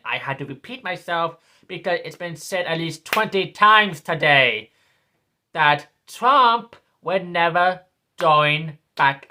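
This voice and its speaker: A man's voice: fairly high pitch, sharp tone. A man in his twenties delivering a sneering, repetitive political rant as a vlogger. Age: 20s. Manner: sneering, ranting, repeats himself.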